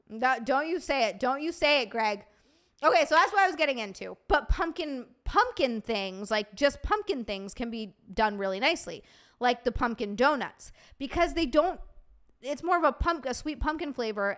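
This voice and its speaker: A woman hosting a casual livestream, chatting with viewers and reacting to their comments in an animated, swearing, joking way. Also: a little high. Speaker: streamer host.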